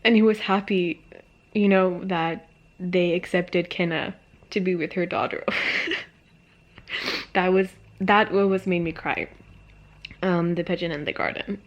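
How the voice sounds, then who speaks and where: Young woman, early 20s, tearful, halting, unhurried, sighs between thoughts. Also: on the low side, steady tone, lo-fi sound. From Sweden. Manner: emotional, halting, many fillers and sighs. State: tearful after crying. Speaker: book vlogger. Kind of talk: emotional reading vlog. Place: alone at home talking to camera.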